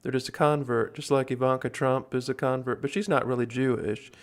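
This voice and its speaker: A man hosting a casual livestream, rambling and halting with many fillers and chuckles. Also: medium pitch, steady tone. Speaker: livestream host.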